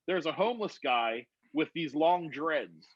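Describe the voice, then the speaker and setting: A man's voice: a little high, measured pace, husky, no room sound, lo-fi sound. A man telling a rambling, profane story in casual chat over a video call on his phone. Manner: rambling, profane, animated retelling. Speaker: guest storyteller.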